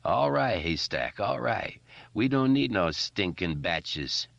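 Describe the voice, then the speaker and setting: A groggy, irritable young man mumbling slowly, as a man reads him. The delivery is sleepy and drawn out, captured in a dry, slightly dull audiobook recording. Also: low voice, wildly swooping pitch, fairly bright tone, no echo, exaggerated voice. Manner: sleepy, slow mutter.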